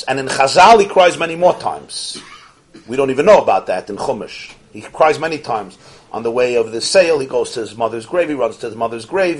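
A man teaching a Torah class, animated, posing rhetorical questions and swinging from soft asides to emphatic peaks. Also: mid-range voice. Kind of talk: Torah lecture to an audience.

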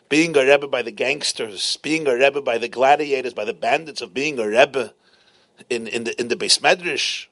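A man teaching a Talmud lesson as an animated storyteller, driving points home through repetition. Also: on the high side, dry recording. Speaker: Torah teacher.

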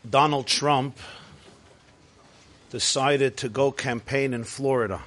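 A man's voice: mid-range voice, fairly even intonation, slow pace, a bit bright. A man teaching a class on Jewish faith, emphatic and building phrase on phrase.

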